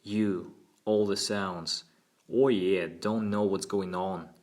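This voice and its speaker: A man voicing a cheerful, impish thirteen-year-old boy with a crisp Cockney accent. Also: deep voice, steady tone, takes it slowly, darkish tone. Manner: crisp, open and earnest.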